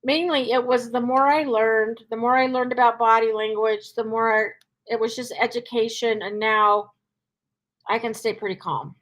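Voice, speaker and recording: A woman's voice: fairly high pitch, fairly even intonation, moderate pace, a bit bright. A woman dog trainer answering questions in a live Q&A, chatty, with many fillers, acting out cheerful cues. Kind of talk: live Q&A advice.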